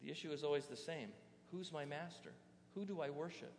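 A male pastor delivers a sermon with animated energy, leaning on rhetorical questions to the congregation. His voice sits a little on the high side. The sound carries a long reverb, as if recorded in a large church hall. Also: a little fast, a little hiss or hum.

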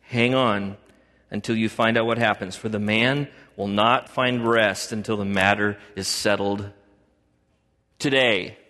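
A man voicing a wise older woman who speaks in a calm, reassuring and steady way, in a long hall reverb. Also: on the low side, measured pace, pitched below the performer's own voice.

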